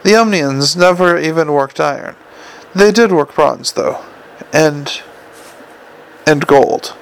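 A man reading an audiobook and voicing a brisk, stubborn, matter-of-fact woman in a gravelly voice. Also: fairly high pitch, rough recording. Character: brisk, stubborn, sharp-tongued adult woman. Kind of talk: audiobook character voice.

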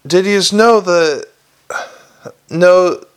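A man's voice: high-pitched, drawn-out words, smooth, pitched above the performer's own voice. A man reading aloud and voicing a tiny, fierce, mercenary male gnome. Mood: blunt.

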